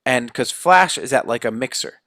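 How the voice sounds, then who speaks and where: Young male podcast co-host, chatty recap, quick character quotes, dry close-mic sound. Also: medium pitch, lively intonation, a bit bright, no echo. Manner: retells scenes with quick quoted voices. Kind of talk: casual recap.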